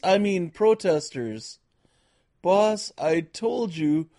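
A man's voice: high voice, a little mellow. A man playing an adult male henchman who complains to his villain boss in a dry, put-upon way.

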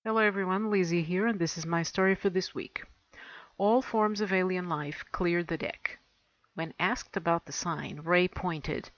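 A woman's voice: lowish voice, normal speed, no room sound. A woman blogger reading her short story aloud. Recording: dull lo-fi recording.

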